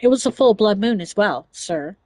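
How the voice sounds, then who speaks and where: A woman's voice: medium pitch, animated, moderate pace, a little mellow, dry recording, rough recording. A woman hosting a casual livestream chat, talking chattily, giggling often and reading chat messages aloud. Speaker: livestream host.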